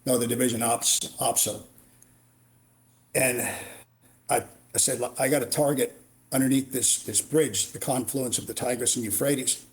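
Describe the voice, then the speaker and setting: Man, middle-aged, retired marine guest, war stories, acts out dialogue, mid-pitched voice. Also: steady tone, normal speed. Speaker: podcast guest, retired Marine warrant officer. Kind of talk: storytelling interview.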